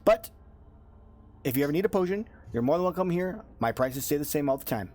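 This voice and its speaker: A man voicing a courteous tiefling potion shopkeeper who talks quickly and apologetically in a tabletop game. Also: fairly high pitch, lively intonation, darkish tone, lightly acted. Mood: politely declining.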